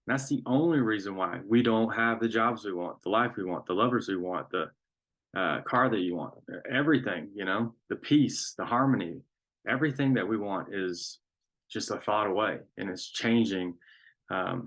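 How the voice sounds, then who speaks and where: A man with a somewhat low voice gives a spiritual talk, speaking slowly with plenty of pauses and filler words. His tone is reflective and unhurried. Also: fairly bright tone. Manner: slow, pausing, with frequent fillers. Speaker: spiritual teacher.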